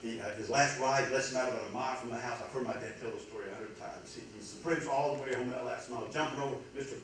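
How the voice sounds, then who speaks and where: Male pastor preaching, mid-pitch, stumbling restarts building to passion; very echoey room, distant mic, faint background hum. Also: steady tone, fast talker. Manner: storytelling with rising passion and frequent restarts. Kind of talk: sermon. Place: large room at a men's retreat.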